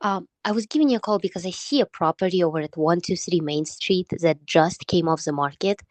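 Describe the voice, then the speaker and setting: A woman real estate agent practicing a cold call, asking slow, careful, scripted questions. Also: lowish voice, dry recording. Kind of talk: sales call role-play.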